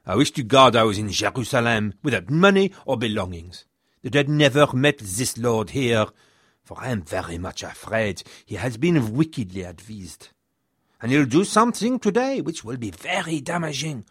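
A man's voice: mid-range voice, big pitch swings, normal speed, fairly bright tone, slightly rough, no room sound, studio quality. A man voicing a fretful medieval courtier, lamenting anxiously and full of foreboding, in a history podcast story. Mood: fearful.

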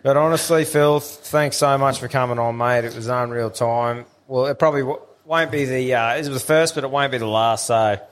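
A man's voice: mid-range voice, fairly quick, hardly any pauses. Australian man cracking crude yarns. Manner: crude joking, storytelling. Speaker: podcast host. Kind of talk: casual banter.

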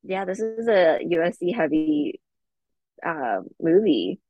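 A woman's voice: on the low side, sing-song, takes it slowly, highs cut off. A woman guest on a podcast, chatting casually, using "like" a lot and laughing often. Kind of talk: casual chat.

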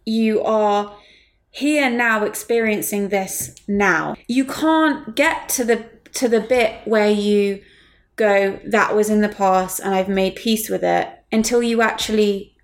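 Blunt woman, swearing freely. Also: slow pace. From England. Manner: blunt, swears freely, rises in pitch when heated. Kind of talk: candid casual chat.

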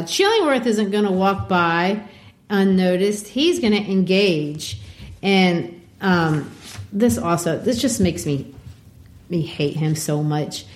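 A woman co-hosting a literary discussion, animated and reading quotes aloud. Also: on the low side, echoey room. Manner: animated, reads quotes with voices. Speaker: podcast co-host.

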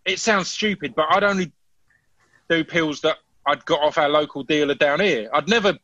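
A man telling stories in a casual chat, animated, with frequent restarts. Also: on the high side, normal speed, dry recording, highs cut off.

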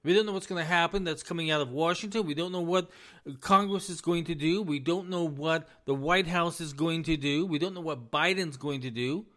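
A man hosting a solo commentary, folksy and relaxed at first, then insistent and heated about the economy. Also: on the high side, brisk. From US East Coast. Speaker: business administrator, commentary host. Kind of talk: opinionated commentary.

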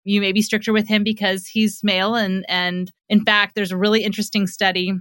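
A woman's voice: medium pitch, level tone, fairly quick, fairly bright tone, no room sound. A middle-aged woman, a psychotherapist guest on a podcast, explaining things in a conversational way with lots of fillers.

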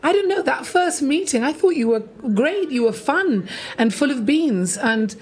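A woman's voice: high voice, expressive, normal speed, a little mellow. A woman hosting a podcast at her home, chatting in an enthusiastic, rambling way with plenty of fillers. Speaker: podcast host. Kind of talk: casual chat.

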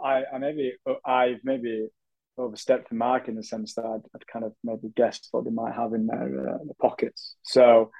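A man with a husky, slightly rough voice chats on a casual podcast. He hedges and restarts his sentences in a wry, self-deprecating way. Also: medium pitch, a little mellow, rough recording. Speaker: podcast co-host. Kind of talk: casual chat.

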